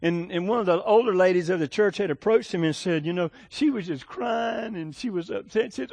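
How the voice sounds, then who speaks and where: High-voiced pastor preaching. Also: male voice, a little fast, gravelly, few pauses, darkish tone, breathy edge, dry recording. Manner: conversational, repeats words, folksy asides. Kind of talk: sermon.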